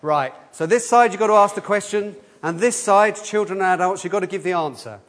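A man with a slightly high voice leads a children's talk in church. He speaks in a lively way, throws questions to the congregation and has them chant the answers back. The sound rings with the long reverb of a church hall. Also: fairly quick. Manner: lively, asks the room questions and leads call-and-response.

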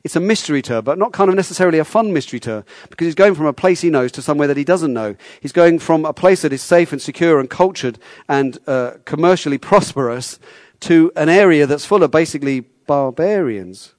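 Guy preaching a sermon, kinda high voice, dry close mic, talks casual and keeps asking questions. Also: lively intonation, a little fast, dry recording. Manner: conversational, repeats words, asks the listeners questions.

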